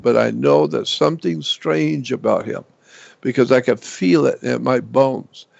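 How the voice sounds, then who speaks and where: Gravelly older man recalling a story. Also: fairly high pitch, no room sound. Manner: slow, halting recollection with many fillers. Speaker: interview guest. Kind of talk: storytelling in an interview. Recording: dull lo-fi dry recording.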